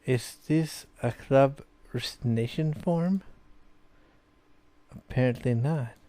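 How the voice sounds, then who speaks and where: A young Swedish man hosting a gaming video reads a visual novel aloud as he plays, tipsy from beer and rambling casually with frequent fillers in his let's play commentary. His medium-pitched voice is slow and mellow, with no room sound.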